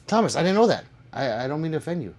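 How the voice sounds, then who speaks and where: Lively joking male live streamer. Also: a little high, racing. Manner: reads viewer comments aloud, joking and swearing. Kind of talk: casual live-stream chat.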